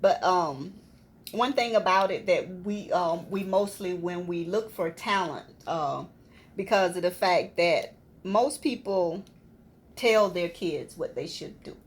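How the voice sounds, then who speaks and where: A woman's voice: on the low side, animated, slow. A woman minister answering interview questions, speaking about her passion for youth and seniors. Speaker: community organization minister. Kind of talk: interview guest.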